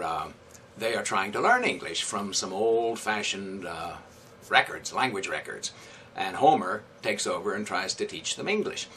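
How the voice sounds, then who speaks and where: Bright-voiced man, a little off-mic. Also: on the low side, recorded from a distance, slight background noise. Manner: thoughtful, with frequent fillers and restarts. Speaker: community theatre director. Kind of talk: interview answers.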